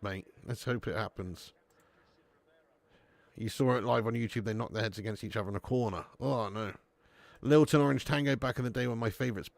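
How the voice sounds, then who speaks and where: With a gravelly, mid-range voice and no room sound, a young man runs a live football watch-along. He trades sweary banter with his chat and erupts into shouting commentary on goals.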